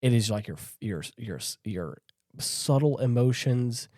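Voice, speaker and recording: A man's voice: mid-range voice, animated, a little slow, warm tone, dry recording, clean studio sound. A man co-hosting a podcast, retelling a horror film scene by scene in loose, rambling casual chat full of fillers. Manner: rambling, filler-heavy retelling with acted quotes. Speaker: podcast co-host. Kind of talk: casual movie recap chat.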